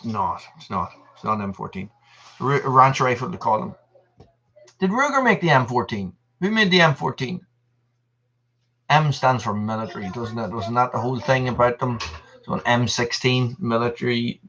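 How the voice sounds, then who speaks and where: Guy in his 30s rambling on a live stream, bright punchy voice, kinda muffled lo-fi sound. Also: mid-range voice, lively intonation, moderate pace. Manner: rambling and chatty, reading out viewer messages. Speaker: channel host. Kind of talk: casual live-stream chat. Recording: dull lo-fi stream audio.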